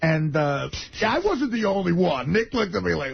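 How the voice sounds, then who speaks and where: A man telling comic stories on a radio talk show, his voice jumping up when excited. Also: sits high, moderate pace, creaky, few pauses. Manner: animated comic storyteller, voice jumps up when excited. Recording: dull lo-fi radio broadcast sound.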